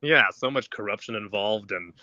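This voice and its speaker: A man's voice: on the low side, moderate pace, pushed and bright, lo-fi sound. A man calling in to a sports talk show, chatting casually and grumbling his opinions. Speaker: caller. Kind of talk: casual phone-in chat.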